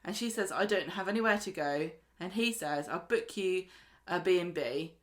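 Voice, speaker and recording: A woman's voice: fairly low pitch, moderate pace. A woman co-hosting a podcast, chatting casually as she reads out plot notes and laughs easily. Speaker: podcast co-host. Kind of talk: casual chat recapping episodes.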